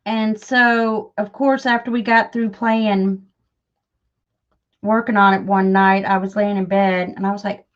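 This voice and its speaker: A woman's voice: mid-range voice, flat delivery, unhurried, muffled recording. A woman chatting casually and self-deprecatingly to her viewers while she crafts, with lots of fillers. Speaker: crafting channel host.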